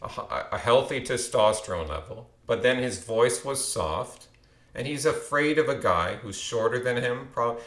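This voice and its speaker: A man's voice: medium pitch, animated, moderate pace, a bit bright, roomy sound. A man in his thirties telling a long story to camera in a rambling way, restarting and repeating words. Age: 30s. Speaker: channel host. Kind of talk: casual storytelling monologue.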